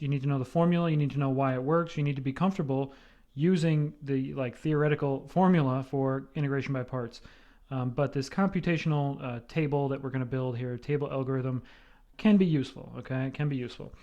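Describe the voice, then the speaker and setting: A man's voice: medium pitch, fairly even intonation, a little fast, a little mellow, dull audio. A man lecturing on math, explaining step by step and checking in often with "right?". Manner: explanatory, repeats with "right?" and fillers.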